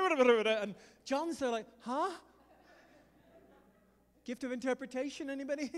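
A man from England with a Liverpool accent, preaching a sermon in a lively, chatty way with jokes to the congregation. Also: very high-pitched, big-room sound. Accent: Liverpool English. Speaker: pastor.

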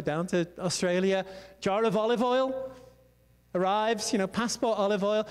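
A man's voice: high voice, darkish tone. A man preaching a sermon in a conversational, storytelling way, full of asides. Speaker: pastor. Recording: long hall reverb.

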